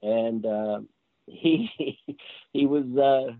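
A man's voice: medium pitch, very slow, dry recording. Man on a tinny phone line. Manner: animated, laughs through his anecdotes. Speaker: guest, street performer. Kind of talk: casual storytelling interview.

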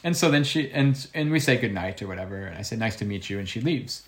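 A man who works as a circus juggler tells a story in a lively, conversational way. His phrases stop and restart, and he often repeats words as he goes. His voice sits in an ordinary middle range. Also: medium pitch, fast talker.

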